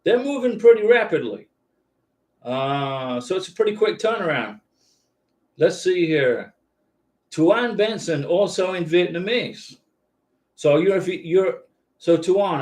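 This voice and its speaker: A man's voice: on the high side, darkish tone. A man hosting a live-stream visa advice chat from a home studio, answering viewers in a casual, reassuring way and often checking in with "okay?". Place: home YouTube studio with lights.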